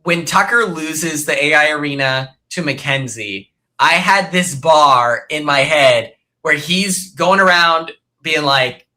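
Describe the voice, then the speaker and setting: A young man guest on a podcast, telling animated stories about his time on a reality show and laughing often. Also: on the high side, slow pace. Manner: animated storyteller who acts out quotes and laughs often. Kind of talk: casual podcast chat.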